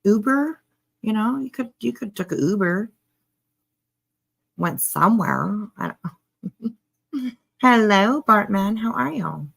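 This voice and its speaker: A woman's voice: mid-range voice, expressive, slow, vocal fry, long pauses, a bit bright, husky. A woman doing casual live commentary on a clip, sarcastic and chatty, greeting her viewers. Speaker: commentary streamer.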